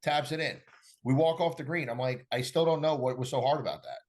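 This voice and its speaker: A man's voice: mid-range voice, a little fast. A middle-aged man, a golf coach, chatting casually on a podcast and acting out conversations as he tells stories. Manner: animated storyteller acting out dialogue.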